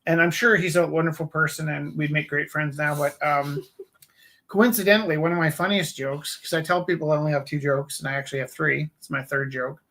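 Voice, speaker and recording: A man hosts a live art stream in a loose, rambling chat, poking fun at himself as he tells a story. His voice sits a little high for a man. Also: fairly even intonation, a little fast, fairly bright tone. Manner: rambling storyteller, self-deprecating. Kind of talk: casual chat.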